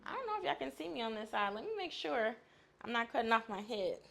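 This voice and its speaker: A woman's voice: on the high side, big pitch swings, fast talker, vocal fry, a bit bright, soft background music. A woman guiding a stretching class in an upbeat, chatty way, often laughing as she talks. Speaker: fitness instructor.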